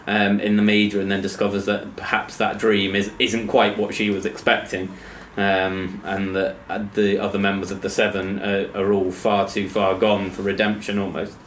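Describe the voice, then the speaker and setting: A man casually reviewing a TV series in a measured, hesitant way with many pauses and ums. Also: lowish voice, echoey room, slight background noise. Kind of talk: casual chat.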